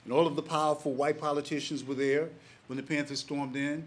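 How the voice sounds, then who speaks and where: A man in his sixties, a panelist telling a personal story to a packed live audience, animated and acting out the voices of the people in it. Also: a little high, brisk. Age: 60s. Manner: animated, acts out quoted voices, laughs between lines. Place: packed public panel gathering.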